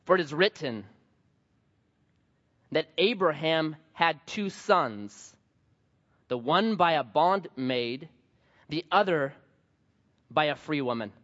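Animated male pastor in a reverberant hall. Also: a little high, takes it slowly, long pauses. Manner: animated storytelling, acts out voices. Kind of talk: sermon. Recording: dull sound with long hall reverb.

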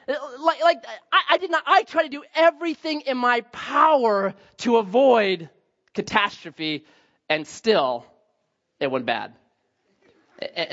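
A man's voice: high-pitched, a bit bright, dull audio. A middle-aged man, a pastor, telling a funny personal story in a sermon and laughing at himself as he goes.

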